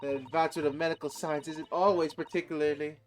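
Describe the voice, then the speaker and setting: A man reading the lines of an older male prison governor, in a low, slow and measured way. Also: fairly even intonation, faint music behind, lightly acted. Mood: gruff.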